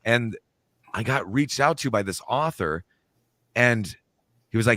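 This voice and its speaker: A man with a deep radio voice, a paranormal author and audiobook narrator, chatting laid-back as a podcast guest. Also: animated, measured pace, long pauses, sharp tone, no room sound. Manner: laid-back, talks with lots of fillers. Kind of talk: casual conversation.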